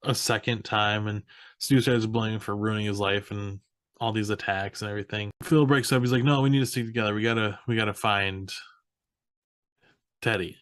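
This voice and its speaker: A young man co-hosting a podcast, casually recapping a film in an animated way, acting out quotes and laughing often. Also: fairly low pitch, brisk, dry recording, clean studio sound. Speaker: podcast co-host. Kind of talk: casual movie recap chat.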